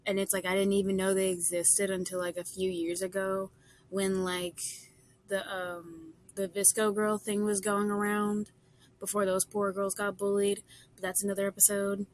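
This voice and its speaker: A woman's voice: mid-range voice, flat delivery, moderate pace. A young woman casually telling a rambling story, full of fillers and quoted dialogue.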